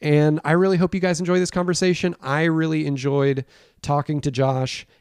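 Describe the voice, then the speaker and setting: A man hosting a podcast with a fairly high voice, rambling with warm enthusiasm through a casual chat. He often breaks off mid-thought and starts again. The sound is dry and close, with no room around it. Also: level tone, normal speed, clear, resonant tone, no room sound. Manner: rambling, enthusiastic, self-interrupting. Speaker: podcast host.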